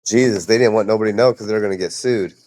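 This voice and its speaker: Low-voiced, blunt, swearing man. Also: fairly even intonation, racing, a little mellow. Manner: blunt, swearing, short outraged reactions. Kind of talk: casual podcast chat.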